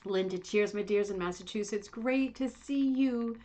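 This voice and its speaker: A woman's voice: medium pitch, normal speed, dark tone. A middle-aged woman hosting a casual livestream chat from home, chatty, rambling and self-deprecating. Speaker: livestream host. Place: home, Indiana.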